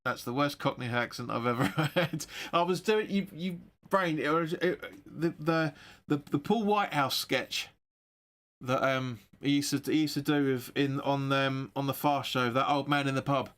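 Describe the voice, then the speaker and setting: A man hosting a football watch-along stream, giving excitable, sweary live match commentary. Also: mid-range voice, normal speed.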